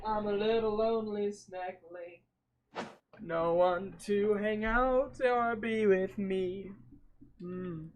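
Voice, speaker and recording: A man talks on a casual livestream, rambling and thinking aloud and often trailing off mid-sentence. His voice sits a little high for a man, and he takes his time, with slow, unhurried pacing and bits of humming between thoughts. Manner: hums and scats between thoughts.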